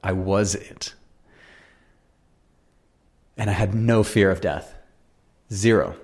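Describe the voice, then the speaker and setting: Man, deep low voice, podcast host, personal storytelling, earnest, animated, repetitive phrasing. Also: slow.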